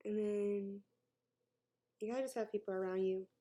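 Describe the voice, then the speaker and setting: A woman's voice: mid-range voice, steady tone, moderate pace, warm tone. A woman, talking candidly and emotionally to camera in a personal vlog, sometimes dropping to a near-whisper and laughing between thoughts. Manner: laughs between thoughts, jokes about her news. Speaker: vlogger.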